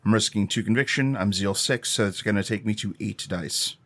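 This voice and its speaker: A man's voice: on the low side, brisk, noisy background. A man playing a tabletop game, eager and casually swearing as he talks through his dice rolls. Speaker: player.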